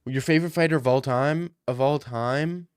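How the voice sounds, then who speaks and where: A man's voice: medium pitch, moderate pace, smooth, no echo, studio quality. A man on a stream casually answering viewer questions, joking and ranting in mock outrage.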